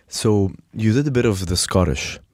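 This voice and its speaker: Un hombre que presenta un pódcast de entrevistas, en tono casual y conversador, riendo a menudo. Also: male voice, on the low side, lively intonation, a little mellow, no echo. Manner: casual, chatty, quick to laugh. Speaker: podcast host. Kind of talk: casual podcast interview.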